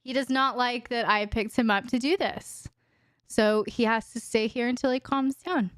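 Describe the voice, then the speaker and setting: Woman host, candid and chatty, higher voice, smooth and clear, dry close mic, live-stream Q&A. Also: normal speed, a bit bright, no echo. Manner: chatty, frank, talks to her dog in baby talk. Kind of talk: casual live-stream chat. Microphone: desk microphone.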